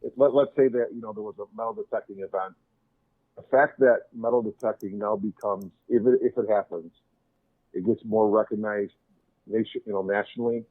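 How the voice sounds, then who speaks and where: A man with a lowish voice chatting easily as a club guest. He comes through a tinny, dry phone line. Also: steady tone, fairly quick, no echo. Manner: conversational, agreeable. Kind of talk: casual chat.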